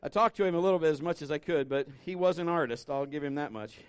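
A pastor with a notably high voice delivers a sermon at a church service. He preaches conversationally and tells animated stories, leaning into the congregation. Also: fast talker, clear, resonant tone, no echo. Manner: conversational, animated storytelling with acted-out quotes.

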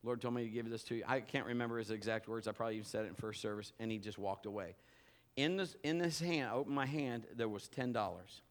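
A middle-aged man preaching a sermon in a church service, telling personal stories with loud bursts and quiet asides. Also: quick pace. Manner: animated storytelling, swinging between loud bursts and low asides. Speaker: pastor.

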